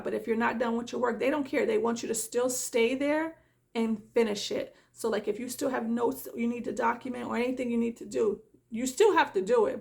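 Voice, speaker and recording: A woman's voice: fairly high pitch, gravelly. A woman who works as a nurse, talking in a casual vlog, exasperated and emphatic.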